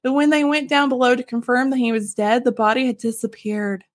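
A woman's voice: fairly high pitch, brisk. A woman from Texas co-hosting a casual podcast, reading listener emails aloud and chatting, giggly and swearing casually. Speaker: podcast co-host.

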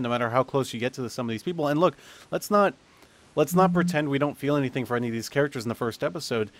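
A man hosting a casual anime review podcast, chatty, with frequent restarts and laughs. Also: medium pitch. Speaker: podcast host.

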